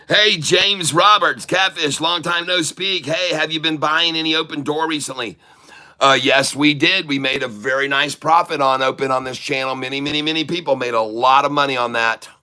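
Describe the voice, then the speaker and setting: A man's voice: fairly high pitch, steady tone, normal speed, pushed and bright, smooth. A man giving live stock trading commentary, boastful and teasing with crude jokes and frequent laughs. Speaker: stock trader streamer.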